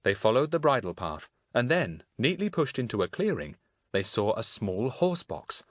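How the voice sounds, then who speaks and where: Lively-voiced male audiobook narrator. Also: medium pitch, dry recording, clean studio sound. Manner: measured storytelling with lively intonation. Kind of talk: scripted narration of a children's book.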